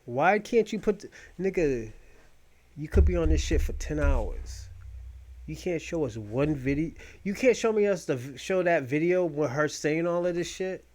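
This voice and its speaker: A man hosting a podcast, talking in loud, rambling, mocking rants full of profanity. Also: a little high, lively intonation, moderate pace. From United States. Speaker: podcast host. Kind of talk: profane casual commentary.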